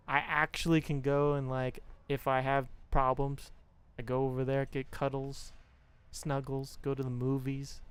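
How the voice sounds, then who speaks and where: A man's voice: a little high, smooth. A young man streaming and talking to his viewers, giving frank, profane relationship advice and mimicking the people he quotes. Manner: frank, swearing, pep-talk style. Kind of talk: casual chat to stream viewers.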